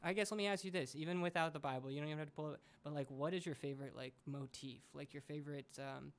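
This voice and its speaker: Gravelly-voiced young man hosting a chat. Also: a little high, fairly even intonation, quick pace. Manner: rambling, lots of fillers and restarts, jokey. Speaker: podcast host. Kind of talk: casual chat.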